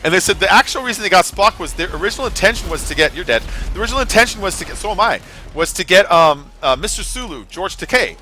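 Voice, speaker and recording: Gamer guy streaming, bright lively voice, rambly and sweary, music underneath. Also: high-pitched, fast talker. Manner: rambling, swears, many fillers and restarts. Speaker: gaming streamer. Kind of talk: casual live-stream chat while gaming.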